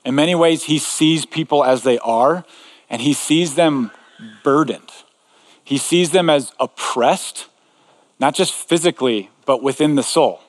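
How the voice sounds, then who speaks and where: Male pastor, slightly higher voice, chatty sermon delivery full of asides, long hall reverb. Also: unhurried. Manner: conversational, with frequent asides and filler words. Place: large room before an audience.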